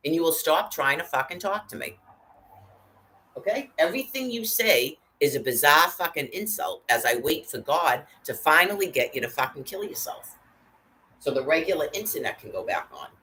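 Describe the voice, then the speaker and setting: A woman's voice: low-pitched, expressive, normal speed, sharp tone, a little hiss or hum, poor audio. A woman delivering an angry, profane rant, cursing constantly and hurling threats.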